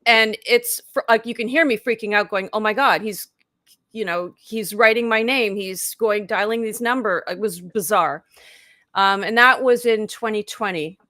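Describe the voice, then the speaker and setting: A woman's voice: mid-range voice, moderate pace, pushed and bright, no room sound, studio quality. A woman in her fifties, a life coach, telling her story in a casual live interview over a video call, talking chattily with lots of "like" and acting out her own past thoughts. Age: 50s.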